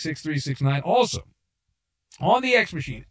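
A middle-aged man on sports talk radio, riffing sarcastically through an opinionated monologue. His pitch sits a bit high and swings widely, leaping up for mock outrage and dropping low for asides. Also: big pitch swings, moderate pace. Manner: sarcastic, mocking voices and rising to shouts.

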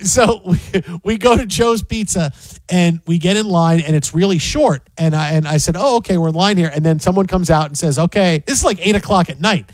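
A man's voice: high voice, brisk, no echo. A man co-hosting a casual sports talk show, ranting with repeated restarts and frequent laughs. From Detroit area. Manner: animated, ranting, repeats himself, laughs often. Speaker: sports radio co-host.

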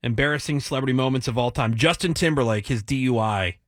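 A laid-back man leading a casual studio chat, his voice sitting at an ordinary middle pitch. He keeps things loose and easygoing, and the sound is close and dry. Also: fast, dry recording. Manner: laid-back, laughing, says dude a lot. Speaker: radio show host. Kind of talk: casual banter.

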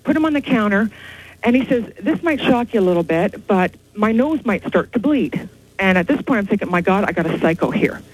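A woman phones in to a late-night radio show with a husky, breathy voice. She tells her story in an excited, rambling rush, one thing tumbling after another. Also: medium pitch, a little fast, poor audio. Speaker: caller.

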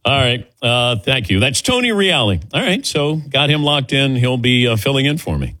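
A man's voice: medium pitch, big pitch swings, bright, forceful tone. A middle-aged man hosting a sports talk show in a studio, chatting loosely and joking with his crew. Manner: loose, joking, reads ad copy briskly. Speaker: radio and TV sports show host. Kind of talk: casual sports radio chat. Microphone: studio microphone.

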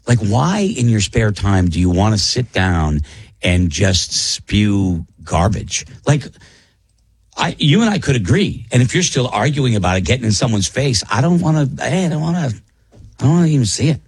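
A man's voice: medium pitch, big pitch swings, normal speed, darkish tone, slightly rough. A man hosting a radio show, talking bluntly and plainly in casual banter with co-hosts.

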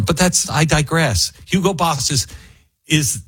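A man's voice: mid-range voice, lively intonation, slow, slightly rough, no room sound. A man hosting a casual commentary monologue, wry and sarcastic, with many fillers and restarts, recorded close in a dry room. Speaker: talk show host.

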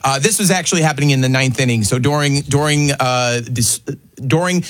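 Brisk radio co-host man, mid-pitched. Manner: brisk, newsy, with fillers. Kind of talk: reading news items on a radio show.

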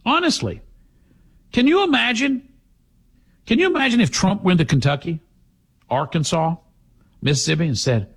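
Husky guy ranting on his talk show, voice jumping all over, sarcastic. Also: sits high, lively intonation, moderate pace, long pauses, fairly bright tone. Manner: sarcastic, emphatic. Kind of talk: opinionated talk commentary.

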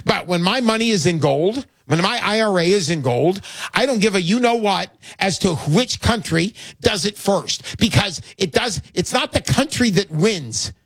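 A man's voice: high voice, lively intonation, moderate pace, no room sound. A man hosting a call-in talk show, selling gold with brash, pushy salesman patter. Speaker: radio show host.

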